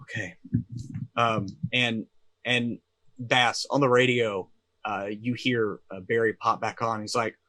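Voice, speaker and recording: A man's voice: mid-range voice, steady tone, slow, pauses often, a bit bright, no room sound. A man narrating and running a tabletop role-playing game as game master, talking casually with many fillers.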